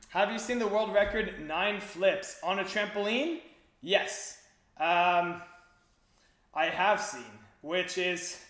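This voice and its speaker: Young Canadian guy streaming, high-pitched voice, rambly casual chat with fillers, echoey room. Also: a bit bright. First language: French. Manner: chatty, rambling, lots of fillers. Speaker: livestream host reading chat.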